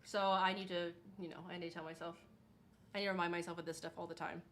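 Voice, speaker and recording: A woman's voice: fairly low pitch, little pitch movement, quick pace, fairly bright tone, slight background noise. A young woman streaming, chatting casually and reading chat aloud, saying "like" a lot and laughing often.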